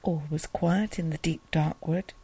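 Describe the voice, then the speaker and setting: A woman reading a rhyming picture book aloud in a sing-song, expressive way. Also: deep voice, measured pace, slightly rough. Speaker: storyteller.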